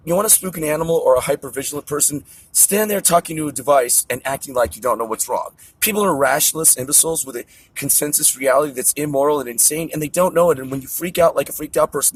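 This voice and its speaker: A man's voice: fairly high pitch, fast, vocal fry, few pauses, breathy edge, dry recording. A middle-aged man venting in an agitated, profane, tangent-jumping monologue to camera. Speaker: vlogger. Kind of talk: ranting monologue.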